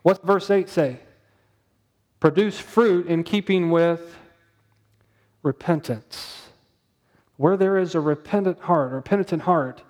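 A male pastor preaching a sermon in a conversational way, asking the congregation rhetorical questions and slowing down to stress key words. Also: on the high side, darkish tone.

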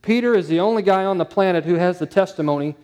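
A man's voice: high-pitched, quick pace, darkish tone. A male pastor preaching a sermon, stressing points through repetition and rhetorical questions.

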